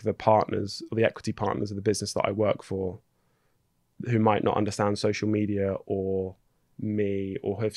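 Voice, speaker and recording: A man's voice: on the low side, dry recording, studio quality. A man from England, a podcast guest in casual chat who tells stories with energy and acts out what others said. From Dorking, England. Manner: animated, acts out the other person's lines in the retelling.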